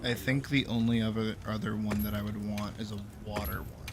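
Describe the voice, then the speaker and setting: A man's voice: on the low side, flat delivery, brisk, noisy background. A man streaming a video game, chatting casually with teammates and swearing freely as he plays. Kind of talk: casual gameplay chat.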